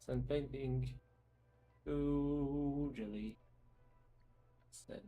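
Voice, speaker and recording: Quiet, muttering man playing a game. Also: mid-range voice, fairly even intonation, drawn-out words. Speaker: game developer streaming. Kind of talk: casual gameplay commentary.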